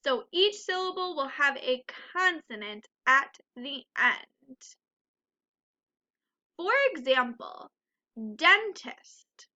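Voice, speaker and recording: A woman teaching a first grade phonics lesson, speaking slowly and clearly and clapping out the syllables of words. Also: sits high, pushed and bright, highs cut off.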